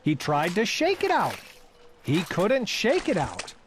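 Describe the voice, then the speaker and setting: Lively woman reading a storybook. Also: fairly low pitch, slow pace, noisy background. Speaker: storybook reader. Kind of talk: reading a children's book aloud.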